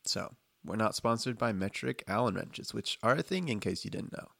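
A man's voice: on the low side, animated, normal speed, creaky, fairly bright tone, breathy edge, dry recording. A man running a casual tabletop game as game master, joking, laughing often, and hesitating with fillers.

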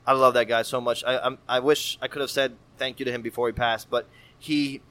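A man in his thirties telling a story in casual chat, animated and profane, acting out voices. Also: mid-range voice, a little fast. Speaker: podcast guest.

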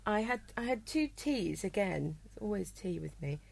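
Chatty actress guest from Wales, giggly and self-deprecating, gravelly fry in her voice. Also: medium pitch, animated, normal speed, a little mellow. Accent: neutral English, Welsh accent lost. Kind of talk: comedy panel chat.

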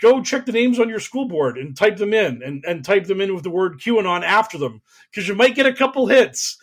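Ranting about politics, the man hosting this podcast sounds emphatic, exasperated and profane. He calls his own high voice whiny.

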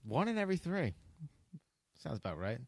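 A man with a mid-pitched voice joins in as a podcast co-host. He is relaxed and jokes casually with the others. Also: normal speed, vocal fry, husky, no room sound, clean studio sound. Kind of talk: casual chat.

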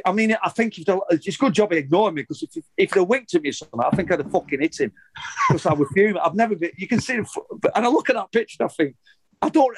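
A middle-aged former footballer, telling a story in an interview in a heated, sweary, rambling way with many restarts. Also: male voice, on the high side, dry recording, rough recording.

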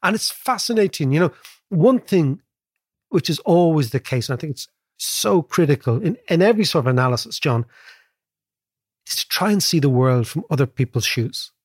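Male co-host, husky voice, dry close sound, lively tale-teller. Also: a little high, normal speed, no room sound. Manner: animated, storytelling, frequent tag "right?". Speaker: podcast co-host, economist. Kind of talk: casual conversational podcast.

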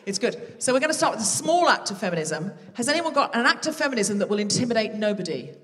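A woman's voice: on the high side, big pitch swings, a little hiss or hum. Woman working a live theatre crowd. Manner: chatty, teasing, quick asides. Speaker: comedy podcast host. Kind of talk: live stand-up crowd work. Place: theatre stage before a live audience. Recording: live theatre recording with long reverb.

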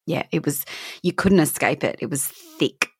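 A woman's voice: sits low, lively intonation, normal speed, breathy edge, no echo, clean studio sound. A woman co-hosting a casual chat, easygoing, agreeable and wry. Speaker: podcast co-host.

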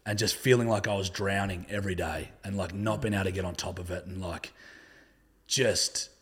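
A man's voice: deep voice, steady tone, fairly quick, a bit bright, slightly rough. A young Australian man telling stories in a casual, laid-back way, swearing often and filling his talk with "like". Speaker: podcast guest. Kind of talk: casual conversational storytelling.

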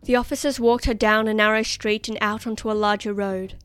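A woman reading a story aloud as narrator in a measured, expressive way. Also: medium pitch, clean tone, no room sound. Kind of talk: scripted narration.

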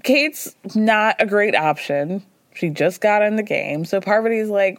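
A woman hosting a podcast, recapping casually in a chatty, animated way and jumping into high mimicking voices. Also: measured pace, no echo. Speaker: podcast host.

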